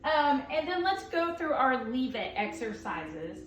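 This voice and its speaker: A woman dog trainer explaining a training demonstration while playing, switching between excited praise and firm commands. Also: high voice, measured pace, few pauses, echoey room, distant mic, soft background music.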